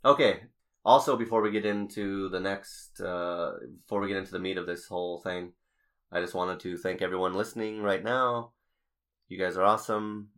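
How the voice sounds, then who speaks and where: A young man hosting a casual podcast, talking in a rambling, halting way full of restarts and fillers. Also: deep voice, steady tone, fairly bright tone. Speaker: podcast host.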